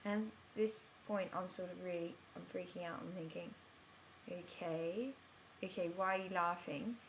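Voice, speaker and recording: In a scripted character vlog, a woman plays a chatty, flustered amnesiac in her thirties who rambles breathlessly and bewildered, with many restarts and filler words. Her voice is fairly low with a steady tone and moderate pace, close to an everyday voice, with a little hiss or hum.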